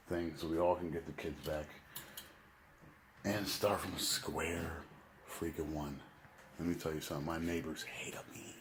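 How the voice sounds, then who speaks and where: A man's voice: very deep voice, background noise. A man talking candidly and at length in a casual vlog, rambling and confessional.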